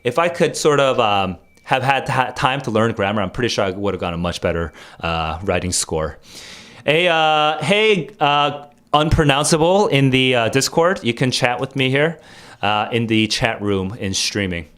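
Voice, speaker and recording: A man's voice: medium pitch, animated, normal speed, fairly bright tone, clear, resonant tone. Rambling young man quizzing his chat. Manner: rambling, many fillers and restarts, quizzes chat. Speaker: streamer and test tutor. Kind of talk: casual livestream chat and vocabulary quiz.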